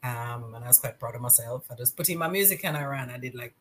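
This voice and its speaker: A woman's voice: extremely low pitch, fast talker, a little hiss or hum. A middle-aged woman, telling stories as a podcast guest and acting out the dialogue. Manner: lively storyteller, acts out quoted dialogue. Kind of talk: casual interview chat.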